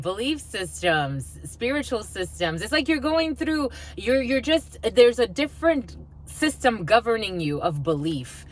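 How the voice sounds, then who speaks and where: A woman's voice: fairly high pitch, very animated, normal speed. Woman, tarot reader, casual spiritual reading, chatty, blunt, swears freely, laughs often.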